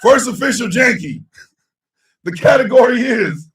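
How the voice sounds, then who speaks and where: A man hosting a casual live-stream show, loud and laughing, heavy on slang. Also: fairly high pitch, very animated, a little slow, distant mic. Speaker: host. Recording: echoey room, a bit off-mic.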